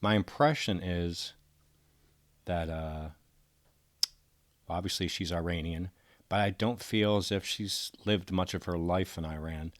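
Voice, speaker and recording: Host with a deep voice and a dry, close sound. Thinks out loud, hesitant, corrects himself as he goes. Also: fairly even intonation, a little slow, long pauses, no room sound. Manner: musing, tentative, self-correcting. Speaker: commentator. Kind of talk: thinking-aloud video commentary.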